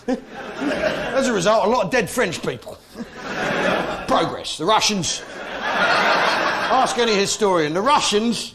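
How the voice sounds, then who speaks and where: Brash, boastful English comedian. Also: male voice, sits high. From Britain. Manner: brash, boastful, mock-patriotic, profane. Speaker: stand-up comedian. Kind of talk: stand-up comedy. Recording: loud live audience laughter and noise.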